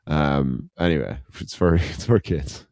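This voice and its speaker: A middle-aged Irish man on a casual podcast, talking in a rambling, halting way with many fillers and restarts. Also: extremely low pitch, a little mellow, dry recording, clean studio sound. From Ireland. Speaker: podcast co-host. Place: living in Germany.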